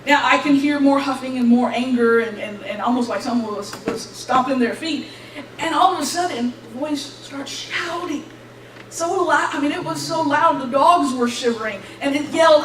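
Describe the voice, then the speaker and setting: A young woman giving an animated church testimony, acting out the voices in her story and laughing between lines. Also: high voice, normal speed. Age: young adult. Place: church hall. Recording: echoey hall, distant mic, faint hiss.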